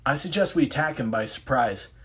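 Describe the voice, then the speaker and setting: A man voicing a cautious, contrary young male superhero who argues and pitches a sneaky plan. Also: lively intonation, a little fast, fairly bright tone, slightly rough. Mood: arguing. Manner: argumentative, scheming.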